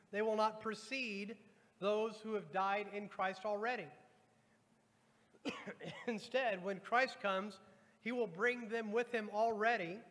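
High bright-voiced man preaching in a reverberant hall. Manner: preaching, reads scripture aloud and addresses the congregation. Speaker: pastor. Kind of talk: sermon. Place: church sanctuary.

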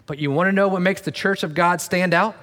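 A man with a somewhat high voice preaches a relaxed, conversational sermon. His delivery mixes plain talk with dry, sarcastic asides. The sound carries a long reverb from the big church room around him. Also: a little fast. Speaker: pastor. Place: church sanctuary.

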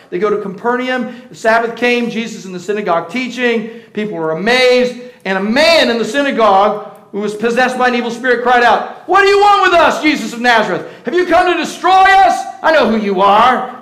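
A man preaching a sermon as pastor, swinging between hushed asides and shouted declarations. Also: sits high. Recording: roomy church echo.

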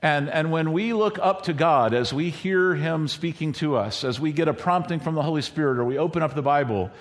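A middle-aged man preaching a sermon in a conversational way, now and then acting out quoted lines in a higher voice. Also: fairly quick. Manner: conversational, acts out quoted lines with bursts of high pitch. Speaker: pastor.

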